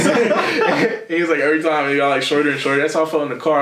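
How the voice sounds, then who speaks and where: A young man chats on a podcast in a somewhat higher voice, full of laughter and acted-out quotes as he tells his stories. The room around him is echoey. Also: fast, distant mic, background noise. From Philadelphia area. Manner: animated storytelling, acts out quotes, laughs a lot. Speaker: podcast co-host. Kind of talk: casual chat.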